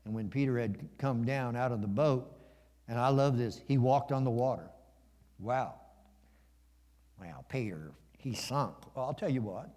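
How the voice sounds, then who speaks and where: A man's voice: mid-range voice, a little slow, a little mellow. A man preaching a sermon to his congregation in a folksy, conversational way, asking them questions and joking. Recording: long reverb of a large hall.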